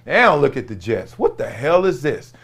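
A man's voice: medium pitch, sing-song, moderate pace, gravelly, fairly bright tone, heavily acted. A man voicing a boastful, indignant retired star quarterback. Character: boastful old former star quarterback, gruff.

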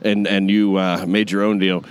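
A man's voice: low voice, level tone, normal speed, clean tone. A man hosting a casual interview, dropping wry, joking remarks. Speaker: host.

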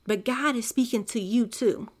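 Speaking softly at a moderate pace in a higher-than-average voice, a mother who hosts a faith podcast addresses her listeners in an earnest, confiding monologue. She sounds like a young adult or middle-aged woman.

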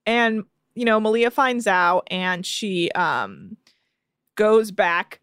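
Lively woman recapping a reality show. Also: on the high side, measured pace, dry recording, clean studio sound. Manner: animated storyteller, laughs often. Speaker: podcast co-host.

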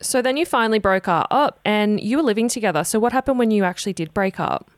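A woman's voice: medium pitch, animated, quick pace, no room sound, studio quality. A woman hosting a casual interview, asking questions and reacting with shocked exclamations. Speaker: host.

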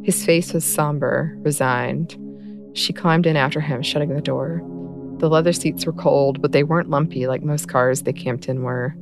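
Low-voiced woman narrating a story. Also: steady tone, moderate pace. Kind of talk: scripted audiobook narration. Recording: narration over clear music bed.

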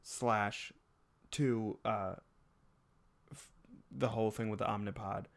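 A man's voice: lowish voice, steady tone, slow, gravelly. Joking male podcast host. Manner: joking, teasing. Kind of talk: casual movie chat.

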